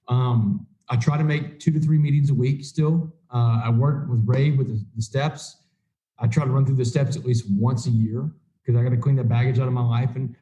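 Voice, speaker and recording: A middle-aged man gives personal testimony to a recovery group, telling his story in an animated way and acting out the dialogue he quotes. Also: mid-range voice, low-quality recording. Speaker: recovery meeting speaker.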